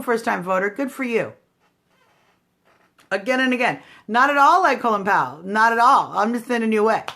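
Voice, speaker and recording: A woman's voice: a little high, bright, forceful tone. A woman hosting a casual political livestream, talking straight to her viewers in a snarky, combative way. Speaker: livestream host.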